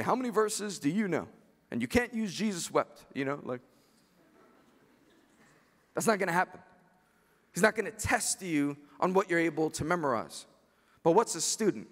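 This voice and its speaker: A man preaching a chapel sermon with passion, building to shouted peaks as he acts out dialogue. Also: a little high. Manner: impassioned, rising to shouts. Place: large chapel hall. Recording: long hall reverb.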